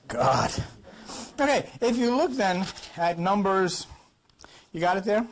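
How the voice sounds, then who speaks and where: A man's voice: high-pitched, big pitch swings, slow pace, pauses often, slight background noise. A man teaching an informal Bible study class, emphatic and full of rhetorical questions, coughing now and then.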